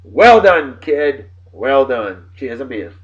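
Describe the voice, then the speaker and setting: A man from New of the region, hosting a casual video blog with boisterous, jokey shout-outs. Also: medium pitch, sing-song, slow pace, muffled recording. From New England.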